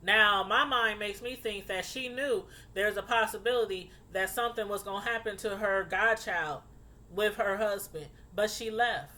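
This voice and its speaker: Bright-voiced woman telling a true crime story. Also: moderate pace. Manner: animated, outraged, rising high when indignant. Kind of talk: casual storytelling commentary.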